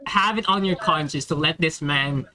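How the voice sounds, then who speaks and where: With a bright, forceful voice on the high side and a normal speed, this man hosts and runs the game as dungeon master among friends. He tells the game story casually, rambling, piling on fillers and often restarting sentences.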